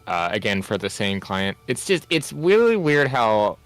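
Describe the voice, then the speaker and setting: A man's voice: fairly low pitch, very animated, measured pace, faint music behind. A man who works as a video editor, chatting casually on a stream and rambling as he loses his train of thought. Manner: rambling, trailing off.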